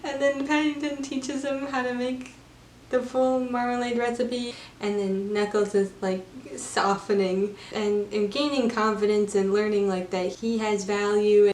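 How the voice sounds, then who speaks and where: A woman's voice: fairly high pitch, unhurried. Chatty woman retelling a film plot. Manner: chatty, animated, lots of fillers. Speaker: film reviewer. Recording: roomy room, faint background noise.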